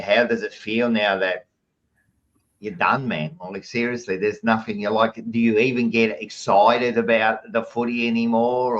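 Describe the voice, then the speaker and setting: A man's voice: lowish voice, a bit bright, lo-fi sound. A man with an Australian accent hosting a casual football podcast, brash and swearing in banter. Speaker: podcast host. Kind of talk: casual footy chat and plugs.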